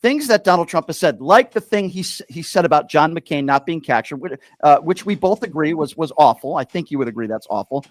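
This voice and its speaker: A fired-up man calls in to debate the host, his fairly high voice leaping up and down as he argues. He talks over the other side and drives each point home by repeating the host's name. The sound is dry, with no room around him. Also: expressive, a little fast, few pauses, dry recording. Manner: combative, interrupting, keeps repeating the host's name. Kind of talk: heated call-in debate.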